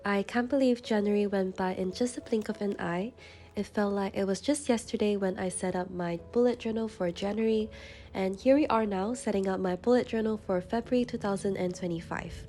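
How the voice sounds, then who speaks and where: Congested young woman narrating calmly. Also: medium pitch, fairly quick. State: congested from a runny nose. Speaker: journaling channel host. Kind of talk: voice-over narration. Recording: soft music in the background.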